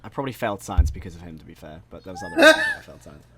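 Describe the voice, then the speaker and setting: A man's voice: lowish voice, racing. A man co-hosting a casual podcast, telling school stories and acting out quotes. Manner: animated storytelling, acts out quotes. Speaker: podcast co-host. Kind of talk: casual chat.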